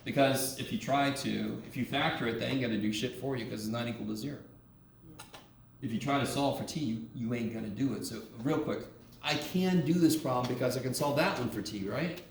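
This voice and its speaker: Guy teaching math, kinda gravelly, jokes around, echoey room, mic far off. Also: medium pitch, brisk. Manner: casual and joking, with mild swearing. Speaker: math lecturer. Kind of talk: classroom lecture. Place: lecture classroom. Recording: echoey classroom from a distance, faint room noise.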